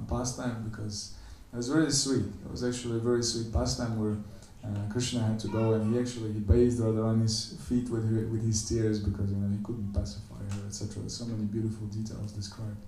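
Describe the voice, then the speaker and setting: A man giving a temple lecture, animatedly telling a story and acting out the characters' quoted lines in a higher voice. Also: level tone, fairly quick, hardly any pauses, warm tone, slight background noise. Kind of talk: storytelling sermon. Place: temple hall. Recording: echoey room, voice from a distance.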